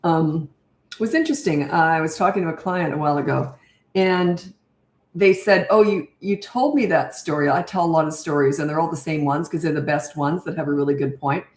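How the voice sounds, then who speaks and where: A woman's voice: low voice, brisk. Chatty older woman, echoey room. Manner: chatty and direct, reads comments aloud. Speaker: parenting coach. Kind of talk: live Q&A answering viewer comments.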